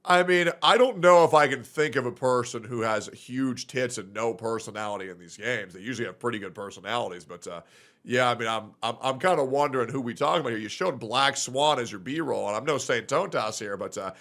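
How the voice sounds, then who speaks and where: A man reacting to a video on stream in a loose, casual way. He talks bluntly and swears freely, and sometimes breaks into loud, exasperated rants at mid pitch. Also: brisk.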